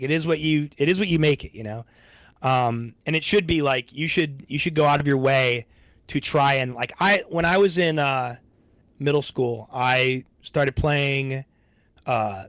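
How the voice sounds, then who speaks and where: A man's voice: medium pitch, a bit bright, no room sound. A man streaming to his audience in rambling, laid-back casual chat, swearing freely.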